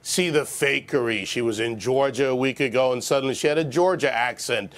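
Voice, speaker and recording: A man's voice: medium pitch, fairly quick, a bit bright. A man commenting on a television panel, sarcastic and mocking, cracking jokes.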